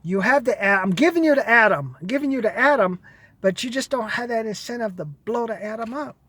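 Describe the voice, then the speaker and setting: A man's voice: high voice, animated, brisk, pushed and bright, husky, no echo. A man giving blunt, profane money advice in a casual monologue to camera.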